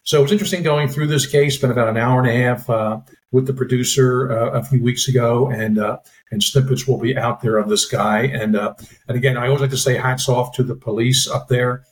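A man co-hosting a podcast as a former FBI agent, explaining in a casual, halting way with many fillers and restarts. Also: mid-range voice, steady tone, rough recording.

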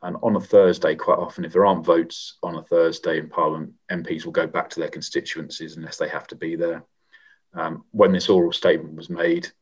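A middle-aged man, a former member of parliament, answering interview questions in a measured, reflective way with frequent pauses and restarts. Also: sits low, level tone, breathy edge. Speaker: former MP, guest.

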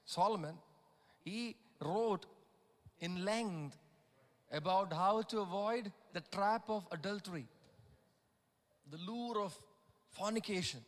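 A man's voice: high voice, slow, long pauses. A man preaching a sermon, reading scripture aloud and stopping to comment, with emphatic repeated lines and call-and-response to the congregation. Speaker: pastor.

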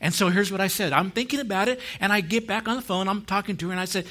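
Lively preaching man, bright tense voice. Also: fast talker, few pauses. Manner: storytelling, swinging from low and soft to loud and high; laughs often. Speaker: pastor. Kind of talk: sermon.

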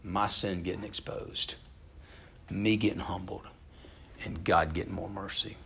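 A man's voice: sits low, fairly even intonation, a little slow, creaky, a bit bright, a little hiss or hum. A man preaching a conversational, earnest sermon, asking his listeners questions as he goes. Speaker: pastor.

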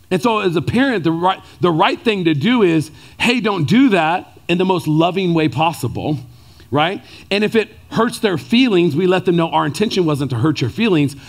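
Male pastor, 30s, chatty animated sermon style, high and very expressive pitch. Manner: animated, conversational preaching with many "right?" asides.

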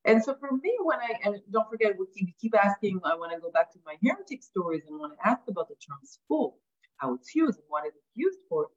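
A woman's voice: medium pitch, big pitch swings, fast. A woman giving an academic lecture, asking rhetorical questions and often adding "right?". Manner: frequent restarts and repeated words. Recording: dull lo-fi sound.

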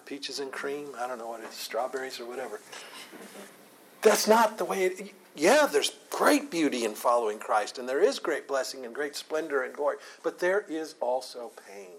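A man teaching an informal Bible study. He is animated, often repeats and restarts words, and laughs a lot. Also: mid-range voice, breathy edge, poor audio.

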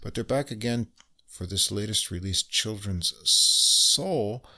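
A man hosting a jazz podcast, chatting casually about new piano records with lots of "uh" pauses. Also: lowish voice. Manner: relaxed, many "uh" pauses, enthusiastic. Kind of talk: casual music review chat.

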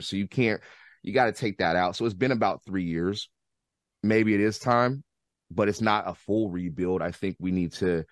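A man with an American accent talking football on a casual podcast, animated and rambling, with many restarts and slangy outbursts. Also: deep voice, dry recording, studio quality. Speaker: guest football fan.

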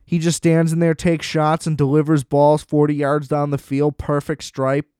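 A man rants about football in a blunt, sarcastic way and swears freely. His voice sits a little higher than most men's and comes across smooth and clear. The recording is dry and close, with no room sound. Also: flat delivery, normal speed, dark tone, no echo. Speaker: sports commentator. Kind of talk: casual solo sports rant.

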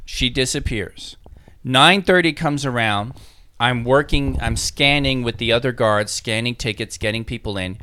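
A man telling a story in casual conversation, animated and acting out the voices of people in it. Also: medium pitch, moderate pace, clear, resonant tone. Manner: animated, acts out voices in his anecdotes. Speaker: podcast guest telling a story.

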